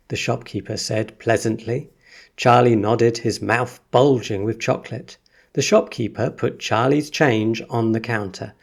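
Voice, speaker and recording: A man reading a children's story aloud for English learners in an expressive, unhurried way. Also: mid-range voice, gravelly. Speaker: story reader.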